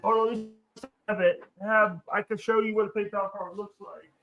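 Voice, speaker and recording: A man chatting on a livestream, out of breath, halting and repeating his words. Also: sits high, steady tone. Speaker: livestream guest. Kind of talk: casual livestream chat. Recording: roomy, distant and dull.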